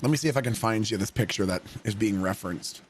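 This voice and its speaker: A man's voice: lowish voice, fast talker, a little hiss or hum. A man streaming a game, telling stories in a casual, profane way and often breaking into laughter. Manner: profane, laughing, swings into loud shouted impressions. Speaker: livestreamer. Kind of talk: casual storytelling while gaming.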